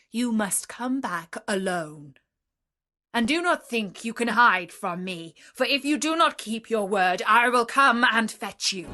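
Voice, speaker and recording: A woman's synthetic storytelling voice reading the lines of a furious male beast from a storybook, loud and stern. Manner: booming, stern commands. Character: huge angry male beast, furious and threatening.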